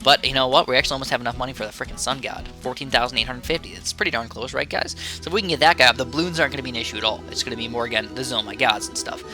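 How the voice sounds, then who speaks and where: A man's voice: medium pitch, racing, few pauses, bright, forceful tone, faint music behind. A young man giving casual, chatty commentary over his strategy game, wandering into rambling asides. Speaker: gaming YouTuber.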